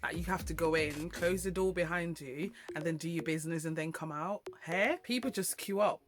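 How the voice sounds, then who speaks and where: A woman from Jamaica with a Jamaican accent, chatting to camera in an animated, emphatic way with slangy asides. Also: lowish voice, moderate pace. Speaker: vlogger. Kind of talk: casual chat to camera.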